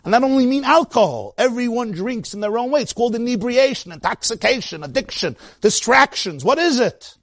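A man preaching with a high, lively voice that swings up and down from one phrase to the next. He repeats phrases to drive his points home and drops Yiddish words into his sermon. The sound is dry and close, with no room echo. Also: a little fast, few pauses. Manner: impassioned, emphatic, repeats phrases for effect. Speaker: religious teacher. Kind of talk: weekly sermon to a congregation.

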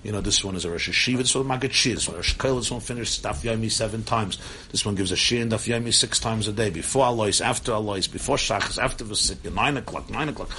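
Low-voiced man telling a story. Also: quick pace, a little hiss or hum. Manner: animated storyteller, acting out quoted voices. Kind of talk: storytelling talk.

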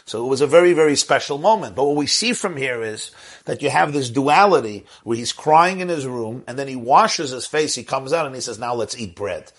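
Man, rabbi, religious lecture, husky, mid-pitched, earnest, repeats phrases. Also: animated, fairly quick. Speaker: rabbi teaching a class. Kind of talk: Torah lecture with questions.

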